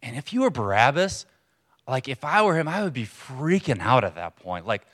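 A man's voice: medium pitch, very animated, a bit bright. Earnest man preaching a sermon. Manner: conversational, earnest, pauses for emphasis. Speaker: pastor. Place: church hall with congregation.

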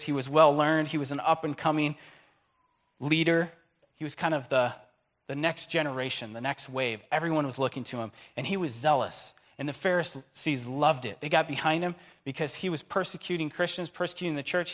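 A male pastor preaching a sermon, animated, swinging between hushed and loud delivery. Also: on the high side.

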